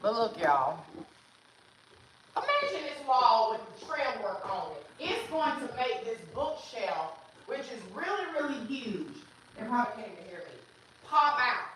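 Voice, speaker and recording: A woman's voice: fairly high pitch, unhurried. A woman hosting a casual livestream from her family room, talking straight to viewers on a phone camera she carries around the room. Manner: animated, chatty, talks straight to viewers. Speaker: livestream host. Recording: echoey room with some noise.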